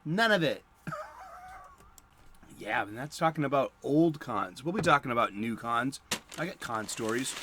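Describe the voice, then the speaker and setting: A man's voice: medium pitch, expressive, measured pace, pauses often, sharp tone, slight background noise. A middle-aged man, hosting a comics talk show in a casual, rambling monologue full of fillers and chuckles. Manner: chatty, chuckling, lots of fillers and restarts. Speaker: comics podcast host.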